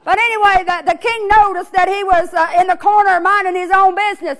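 High-voiced woman preaching a story sermon. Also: fairly even intonation, fairly quick, few pauses, a bit bright. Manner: storytelling with repeated words and restarts. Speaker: preacher and children's church teacher.

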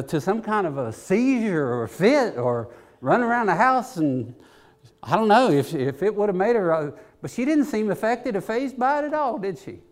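A man's voice: a little high, a little mellow. An older man, a preacher telling homespun stories in a chatty, self-deprecating way with lots of asides. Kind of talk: folksy sermon storytelling.

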